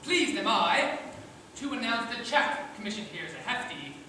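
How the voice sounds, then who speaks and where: A man's voice: very high voice, big pitch swings, moderate pace, sharp tone, a little hiss or hum, full character voice. An actor playing a male lawyer who speaks only in rhymes, pompous and theatrical, in an amateur stage musical. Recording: echoey stage from far off.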